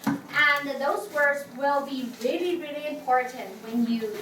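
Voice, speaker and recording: High-pitched, unhurried woman teaching tones. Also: fairly bright tone. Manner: patient, demonstrating tones aloud, with frequent fillers. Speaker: Chinese language teacher. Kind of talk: classroom teaching. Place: classroom. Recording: echoey room from far off, noisy.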